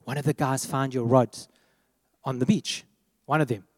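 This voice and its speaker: A man telling a lively personal story as part of a sermon, acting out the voices of the people in it. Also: mid-range voice, normal speed, breathy edge, no room sound, clean studio sound, in a large hall. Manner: animated storytelling, acts out quoted voices. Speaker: preacher.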